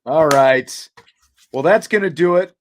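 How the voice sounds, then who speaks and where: A man's voice: on the high side, lively intonation, measured pace. Rambling middle-aged man hosting a sports chat. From Kansas. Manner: rambling, lots of "you know, like" fillers. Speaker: podcast host. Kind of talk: casual sports talk show chat.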